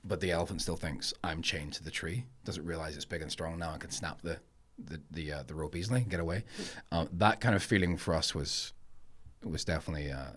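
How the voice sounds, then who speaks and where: A man with a low, deep voice is a guest on a podcast. He talks in a casual, reflective way and tells stories from his life. He grew up moving around Germany and England. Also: quick pace. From grew up moving between Germany and England. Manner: reflective, storytelling. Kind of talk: casual conversation.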